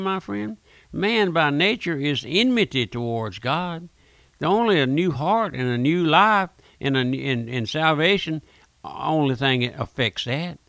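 Brief: male radio preacher, gravelly and fairly high-pitched, pleading and direct, dry close sound. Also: fairly bright tone, dry recording. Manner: pleading, repeats "my friend", addresses listeners directly. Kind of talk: fervent radio sermon. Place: radio studio.

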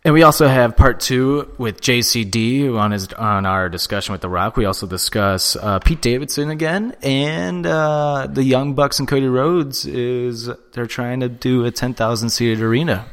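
A man's voice: mid-range voice, moderate pace, few pauses, fairly bright tone. A man hosting a wrestling podcast, chatting casually with his co-host, joking and laughing loosely.

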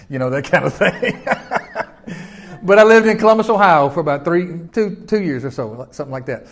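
An older Southern man delivers a sermon with a notably high voice for a man. He preaches in a folksy, homespun way and keeps turning to the congregation with questions. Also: animated, normal speed. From Memphis, Tennessee. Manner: folksy, conversational, peppered with rhetorical questions to the congregation. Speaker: pastor.

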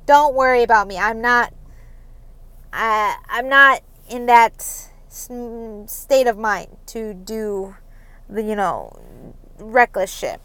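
Young woman podcaster, smooth fairly high voice, dry close sound, rambly with awkward laughs. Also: slow pace, sharp tone, no room sound. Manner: rambling, nervous laughs, many ums. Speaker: podcast host. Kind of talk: casual solo podcast confession.

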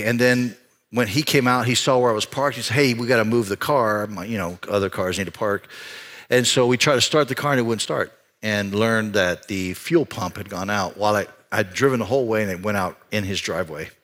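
A man preaching a sermon as pastor, telling a personal story in an animated way with frequent restarts. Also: medium pitch, brisk.

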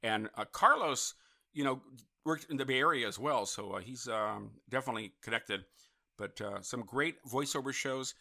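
Male talk radio host, bright voice, middle pitch, breezy and joking, live studio show. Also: moderate pace, gravelly. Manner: chatty and upbeat, with asides and self-amused jokes. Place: Los Angeles studio.

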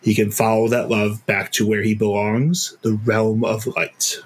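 A man doing a deep, solemn old wizard. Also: little pitch movement, husky. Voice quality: deep and distinguished. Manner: slow and solemn. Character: old wise male wizard, calm and grave. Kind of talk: fan read-through of a game scene.

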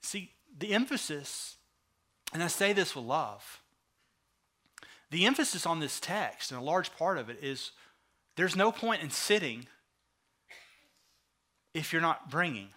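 A male pastor preaching a sermon, retelling the story with lively acted-out asides. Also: a little high. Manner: animated storytelling, acting out the characters in quick asides.

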